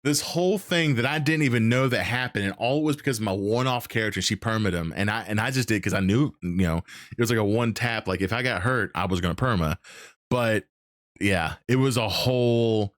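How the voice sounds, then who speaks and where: A man hosting a casual chat, telling animated stories, acting out characters, swearing and laughing often. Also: fairly low pitch, fairly quick, dry recording, clean studio sound. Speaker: host.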